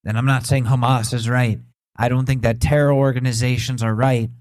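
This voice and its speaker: A man's voice: medium pitch, level tone, brisk, a little mellow, dry recording, poor audio. An American man in his thirties hosting a podcast, ranting with heated, profane indignation. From United States. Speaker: podcast host. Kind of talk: opinion rant.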